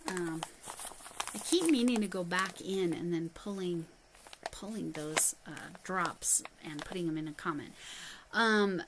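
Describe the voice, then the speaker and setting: Against a noisy background, a middle-aged livestream host talks directly to her viewers in a lowish voice, a little slowly. She reads their comments aloud and thanks them while handling and describing yarn.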